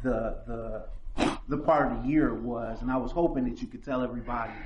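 A man hosting, asking a guest a question in a halting, filler-heavy way. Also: mid-range voice, steady tone, roomy sound, lo-fi sound, noisy background. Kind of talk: casual interview prompt.

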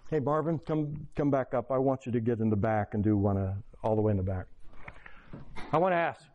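A man's voice: medium pitch, a little fast. An older man preaching a sermon as a pastor, earnest and pleading, telling stories to make his point. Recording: dull lo-fi recording.

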